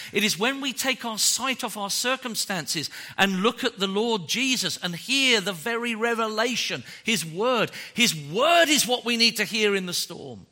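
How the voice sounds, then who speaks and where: A man preaching a sermon, swinging from loud declarations to hushed, drawn-out phrases. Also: sits high.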